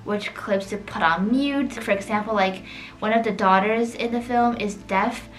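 A woman's voice: medium pitch, moderate pace, poor audio. A woman chatting casually about a film while she draws, with "like" dropped into nearly every sentence. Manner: chatty, leans heavily on "like" as filler. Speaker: art vlogger. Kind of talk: casual chat over drawing. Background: soft background music.

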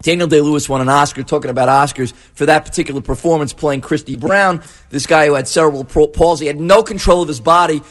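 A man from the Bronx, talking about films as a guest on a morning radio show in an excitable, rambling way. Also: on the high side, fast, hardly any pauses. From the Bronx, New York. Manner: rambling, excitable, repeats words. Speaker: film critic guest. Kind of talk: casual radio chat.

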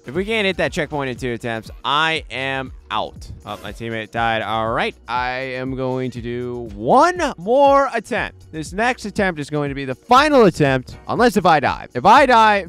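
Excitable young man narrating his gameplay. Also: fairly high pitch, smooth. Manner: frustrated, exclamatory, rambling. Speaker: gaming YouTuber. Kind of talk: live gameplay commentary.

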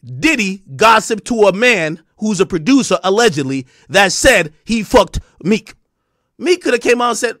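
A man giving a profane, mocking ranting commentary, animated throughout. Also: high voice, normal speed, dry recording, clean studio sound. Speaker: online commentator.

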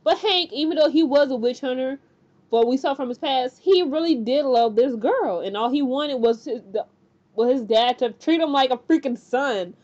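A woman casually recapping a TV episode, talking in an animated, chatty way with lots of fillers and acted-out quotes. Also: high voice, moderate pace, dull audio. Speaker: TV recap host.

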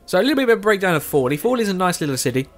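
A man's voice: high-pitched, big pitch swings, very fast, soft background music. A tired man, chatting casually as he plays a game and often correcting himself. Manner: rambling, self-correcting, chatty. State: tired with a sore throat. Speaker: gaming video host.

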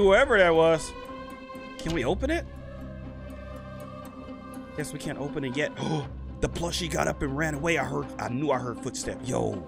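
An excitable young man talking through a game in casual commentary, in a fairly high voice. He reads the on-screen prompts aloud and yelps and whines when the game annoys him. Loud game music plays under his voice. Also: creaky. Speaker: gaming YouTuber. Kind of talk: casual let's-play commentary.

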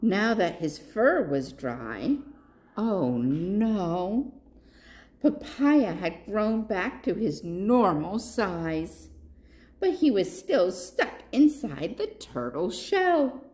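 A woman reads a picture book aloud for library storytime, pausing to ask her young listeners questions. Her voice rises and falls with lively expression, and she takes her time over every line. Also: medium pitch. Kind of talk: children's read-aloud.

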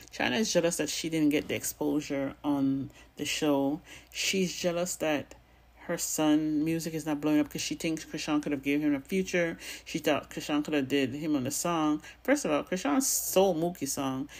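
A woman talks straight into her vlog with a husky, breathy voice and a noticeable accent of her own. She gives her commentary bluntly and with sass. She swears freely as she talks. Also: deep voice. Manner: blunt, sassy and profane; has a non-standard accent of her own. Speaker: gossip commentary vlogger. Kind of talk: casual commentary.

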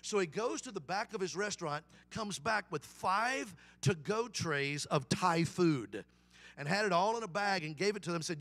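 High-voiced evangelist preaching a sermon. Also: male voice, moderate pace. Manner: animated call-and-response preaching. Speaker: guest evangelist. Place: church service.

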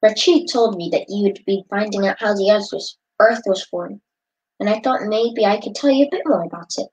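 A woman's voice: medium pitch, normal speed, a little mellow, close to an everyday voice, rough recording. A woman reading a children's book aloud, voicing a friendly female geography teacher who explains things patiently. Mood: explaining.

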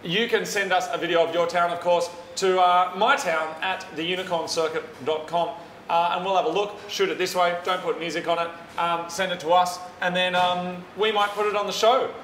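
A man's voice: high voice, steady tone, moderate pace, fairly bright tone. A man with an Australian accent co-hosting a casual chat show, upbeat and chatty, telling stories. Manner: chatty and upbeat, tells stories with quoted voices. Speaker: co-host. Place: restaurant dining room. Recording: roomy restaurant sound with faint background noise.

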